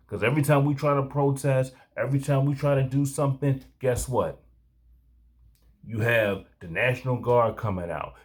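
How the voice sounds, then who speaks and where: A man's voice: mid-range voice, darkish tone. A man hosting a commentary show, reacting to a clip and urging listeners to act, stacking repeated calls to action.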